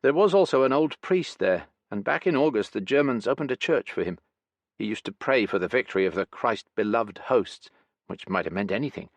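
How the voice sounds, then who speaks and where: A man's voice: mid-range voice, animated, brisk, no room sound. A man voicing an Armenian soldier with an Armenian accent, telling a matter-of-fact war story in an audiobook. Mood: wry. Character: Armenian soldier, man, dark, talks plainly.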